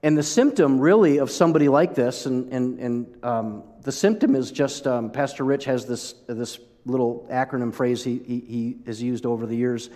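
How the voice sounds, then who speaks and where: A man preaching a sermon as pastor, conversational and animated, often breaking off and restarting his sentences. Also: mid-range voice, normal speed, few pauses, big-room sound. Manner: conversational, animated, self-interrupting.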